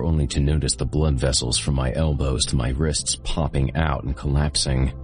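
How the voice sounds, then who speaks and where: Very deep-voiced male horror narrator. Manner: steady, dark first-person storytelling. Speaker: host and narrator.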